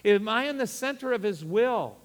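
Middle-aged pastor, higher-pitched, folksy and animated, preaching in an echoing hall. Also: male voice, normal speed. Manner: animated, folksy asides with laughs. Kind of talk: sermon.

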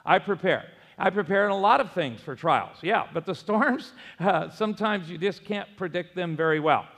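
Speaking at a normal pace, this middle-aged pastor preaches a sermon in a church sanctuary in a high-pitched voice. His storytelling is animated, with the congregation echoing lines back to him, and every phrase fades into a long hall reverb.

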